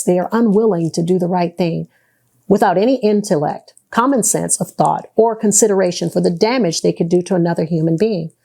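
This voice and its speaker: A woman's voice: lowish voice, creaky, dark tone. A woman telling her own story to camera in an indignant, sarcastic and earnest way, with a faith-filled tone. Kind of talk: personal testimony to camera.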